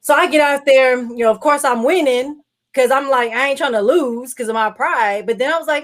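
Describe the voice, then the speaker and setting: A woman's voice: high voice, fairly quick. Chatty woman podcast host. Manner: chatty, acting out quoted voices. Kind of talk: casual storytelling.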